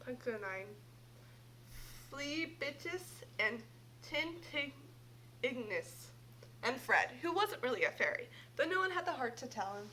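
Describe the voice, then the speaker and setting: Bright-voiced girl reading a storybook. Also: sits high, big pitch swings, moderate pace, slight background noise, low-quality recording. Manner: playful, stumbling over words, chatty asides. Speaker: reader. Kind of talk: reading a picture book aloud.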